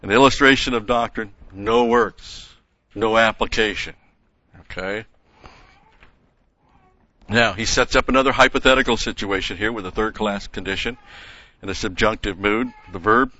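A man with a lowish, forceful voice delivers a methodical verse-by-verse Bible lesson, stopping to explain grammar. The sound is dry and close, with a slightly dull, lo-fi quality. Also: fairly even intonation, normal speed, long pauses, dry recording. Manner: methodical, explains Greek grammar, frequent "okay?" and "uh". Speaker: Bible teacher.

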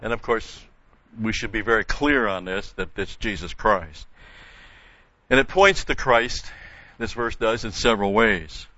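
A man's voice: fairly low pitch, lively intonation, a little slow, sharp tone, no room sound, muffled recording. An older man teaching a verse-by-verse Bible study, explaining carefully with frequent restarts and emphatic repetition.

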